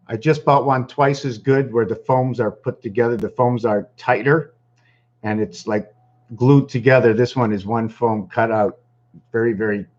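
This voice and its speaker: A man's voice: medium pitch, muffled recording. A man talking in a meandering monologue, full of ums and restarts. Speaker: channel host. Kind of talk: rambling monologue.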